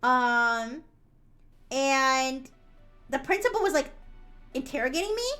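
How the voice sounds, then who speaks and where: A woman's voice: high voice, animated, takes it slowly, sharp tone, faint music behind. A woman streamer telling a story in casual chat, rambling, restarting often and swearing freely.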